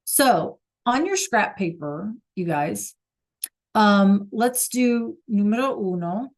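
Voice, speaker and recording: A woman's voice: mid-range voice, lively intonation, slow pace. A woman teaching a Spanish class over a video call, patient and checking in often with the students.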